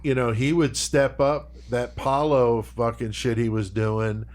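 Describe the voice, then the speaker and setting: A man at a middling pitch leads a podcast segment. He tells the story in a loose, conversational way and swears freely as he goes. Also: flat delivery, a little slow, darkish tone. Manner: loose, profanity-laced retelling. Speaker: podcast host leading the segment. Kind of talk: casual podcast chat.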